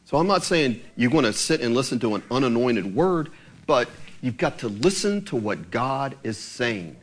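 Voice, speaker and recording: A man's voice: medium pitch, big pitch swings, moderate pace. A man preaching a sermon in a church, rising to emphatic commands as he teaches through a parable.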